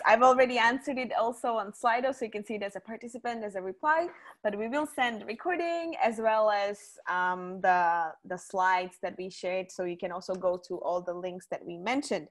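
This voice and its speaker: A woman's voice: a little high, moderate pace. A woman co-hosting a webinar Q&A, talking conversationally with frequent ums and restarts. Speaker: webinar co-host. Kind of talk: casual webinar Q&A.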